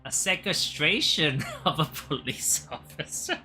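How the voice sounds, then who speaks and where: A woman's voice: low voice, moderate pace, faint music behind. A woman streaming a courtroom game, reading its dialogue aloud and breaking off to laugh and joke. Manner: laughs often, playful and animated. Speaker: gaming streamer. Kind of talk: let's play with read-aloud dialogue.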